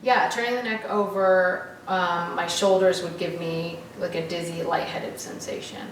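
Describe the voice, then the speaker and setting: A woman's voice: lowish voice, fairly even intonation, normal speed. A young woman from Oklahoma, a patient, answering questions in a hesitant way with many ums. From Oklahoma, USA. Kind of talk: casual interview. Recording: roomy, distant mic, audible noise.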